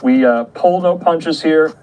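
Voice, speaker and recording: A man anchoring a live news broadcast, reading statements out in a measured way. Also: a little high, a little mellow, low-quality recording. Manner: measured, reads out quotes.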